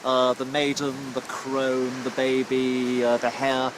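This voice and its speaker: A man's voice: medium pitch, monotone, slow pace, noisy background. A man, a historian, explaining a custom to others outdoors in a field, enthusiastic and a little theatrical. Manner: enthusiastic, lecturing, slightly theatrical. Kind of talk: explaining to the farmers.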